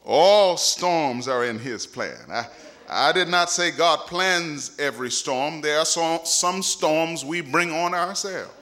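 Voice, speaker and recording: A male preacher delivering a sermon in an emphatic, repetitive way that rises at times to shouting. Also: fairly high pitch, takes it slowly.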